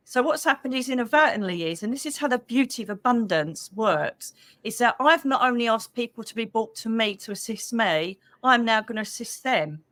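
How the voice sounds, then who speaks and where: A middle-aged woman with a British accent, a psychic medium hosting a casual livestream for members, chatty and animated with quick asides, speaking into a computer mic. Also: on the high side, dry recording. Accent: British English. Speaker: psychic medium and channel host.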